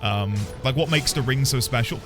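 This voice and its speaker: A man's voice: mid-range voice, moderate pace. A man streaming a game, chatting casually in a playful, rambling, self-mocking way. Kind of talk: casual gameplay commentary. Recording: game music behind.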